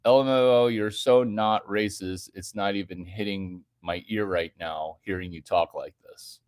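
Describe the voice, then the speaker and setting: A man's voice: lowish voice, fairly even intonation, normal speed, smooth, no echo, clean studio sound. A man hosting a livestream, reading chat aloud and riffing on it in a provocative, mocking way. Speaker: livestream host.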